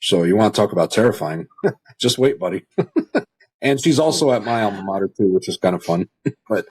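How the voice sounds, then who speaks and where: A man's voice: on the low side, very animated, fairly quick, darkish tone, breathy edge. A middle-aged man co-hosting a casual online talk show, trading dry, laughing banter. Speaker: co-host. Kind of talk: casual podcast chat. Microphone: video call.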